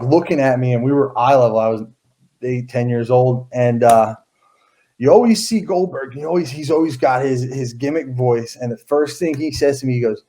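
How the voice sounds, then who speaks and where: A man's voice: medium pitch, dark tone. Rambling man telling old stories. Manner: rambling storytelling with many fillers and restarts. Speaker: interview guest. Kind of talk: casual interview chat.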